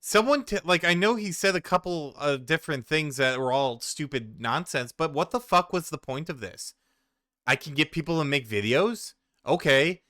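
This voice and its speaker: Forties male commentator, ranting and swearing in disbelief; bright, forceful voice, very smooth. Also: a little high, dry recording, clean studio sound. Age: 40s. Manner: exasperated ranting, profane. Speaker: commentary streamer. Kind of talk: reaction commentary.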